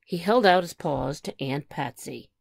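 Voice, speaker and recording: A woman's voice: low-pitched, unhurried, vocal fry, slightly rough, dry recording, studio quality. A woman reading a children's storybook aloud, narrating expressively. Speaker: storybook reader.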